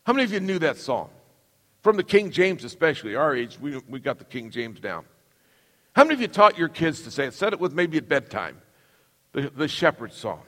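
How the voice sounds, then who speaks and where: A man's voice: on the high side, very animated, fairly quick, a bit bright. A middle-aged man preaching a sermon as pastor, emphatic and calling on the congregation to repeat lines after him. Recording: long reverb of a large hall.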